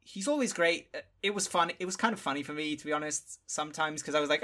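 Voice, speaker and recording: A man's voice: fairly high pitch, quick pace, sharp tone. A man co-hosting a podcast, talking through a film in a casual, thoughtful way and searching for words as he goes.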